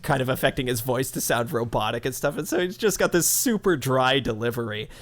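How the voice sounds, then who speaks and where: A man co-hosting a gaming podcast in casual chat, relaxed, with chuckles and loose asides. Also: medium pitch, a little fast. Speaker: podcast co-host.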